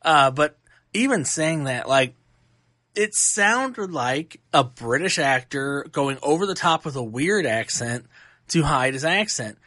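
A man hosting a podcast, giving a casual and animated movie review full of fillers and restarts. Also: fairly high pitch, a little slow, no room sound, studio quality. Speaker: podcast host.

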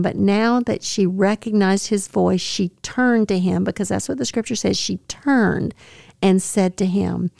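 Earnest woman with a gravelly voice. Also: medium pitch, no echo, clean studio sound. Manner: earnest, tender, with soft laughs. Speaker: podcast host. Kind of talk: devotional podcast reflection.

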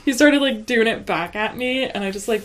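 A woman's voice: fairly high pitch, moderate pace, a bit bright. A young woman, a mom, chatting casually on a podcast, telling stories animatedly and laughing often. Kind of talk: casual chat, storytelling.

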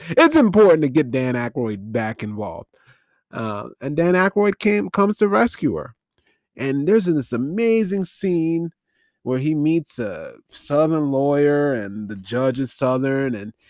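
Male podcast host, mid-pitched, close dry sound, rambling and incredulous, casual recap. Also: a little mellow, dry recording. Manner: rambling, incredulous, self-correcting. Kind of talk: casual film-recap commentary.

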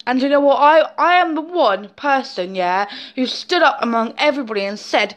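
A woman's voice: sits high, lively intonation, normal speed, hardly any pauses. A young woman speaking to camera in an emotional personal monologue, intense and emphatic, often swearing and ending points with "yeah?". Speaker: vlogger.

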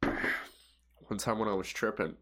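A man's voice: lowish voice, fairly even intonation, slow pace, sharp tone. A young man hosting a podcast, rambling casually and profanely, with many fillers and restarts. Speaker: podcast host.

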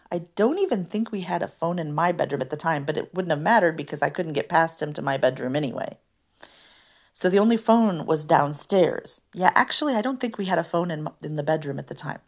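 Woman, low voice, earnest personal testimony, halting delivery. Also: creaky. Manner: earnest, halting, with fillers and restarts. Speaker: guest sharing her story.

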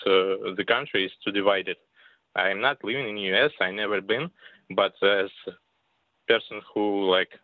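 A man with a Russian accent, a non-native English speaker, calling in to a radio show and talking haltingly with many pauses. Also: fairly low pitch, no room sound. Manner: halting, searching for words. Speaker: caller. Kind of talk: call-in talk radio. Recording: dry tinny phone line.

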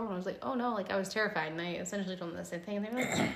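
This podcast host speaks at a slightly fast clip in a steady, mid-range tone, her voice echoing around the room. Chatting casually as she tells her stories, she leans on "like" again and again.

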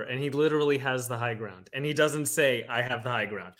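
A man in casual podcast chat, telling stories in an animated, playful way. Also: mid-range voice, fast, few pauses.

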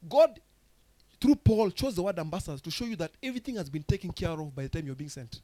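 A Kenyan man preaching a sermon in a high voice, recorded close and dry. He asks questions for the congregation to answer and moves from quiet teaching to loud, rising exhortation. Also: very animated, rapid-fire, dry recording. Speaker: pastor.

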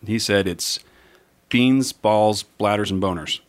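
A man's voice: fairly low pitch, slow. A man appearing as a podcast guest in a studio, answering with dry, good-humored remarks. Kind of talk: casual podcast chat. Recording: noisy studio recording.

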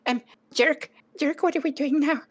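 A woman's voice: steady tone, moderate pace, lightly acted. A woman doing a stammering little blue goblin. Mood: flustered. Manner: stammering, high and eager. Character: small nervous blue male goblin thief.

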